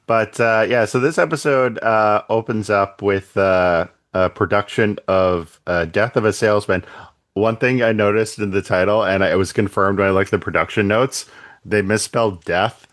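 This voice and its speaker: A man's voice: on the low side, moderate pace, fairly bright tone, no echo. A man co-hosting a podcast, recapping an episode in chatty, filler-heavy casual talk. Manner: chatty, filler-heavy, acts out quotes in silly voices. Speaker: podcast co-host.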